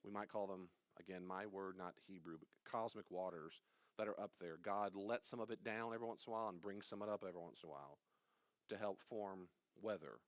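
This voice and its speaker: A man's voice: low-pitched, fast talker, no room sound. A man teaching a Bible study in a conversational, digressive way, often quizzing his listeners. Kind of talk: informal teaching.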